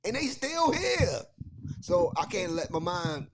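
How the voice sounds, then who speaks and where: A man with a Baltimore accent hosting a casual sports podcast, talking in animated bursts, repeating himself and restarting his sentences. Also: high voice, takes it slowly, a crowd in the background. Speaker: podcast host.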